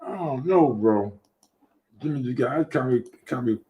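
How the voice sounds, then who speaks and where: A man's voice: medium pitch, lively intonation, moderate pace, mellow. A man hosting a casual boxing talk show, talking loosely with many restarts and profanity. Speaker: show host.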